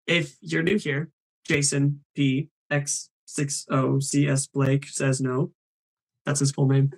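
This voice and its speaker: A man's voice: fairly high pitch, fairly even intonation, slow, creaky. A man hosting a live stream, chatting in an upbeat way and reading names from the chat.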